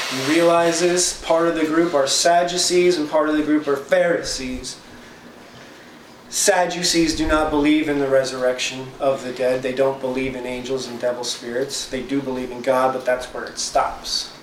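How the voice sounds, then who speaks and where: A man's voice: a little high, reverberant. Brief: male Bible teacher, casual paraphrasing style, distant mic, faint background noise. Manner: reads scripture then paraphrases it in plain, chatty terms.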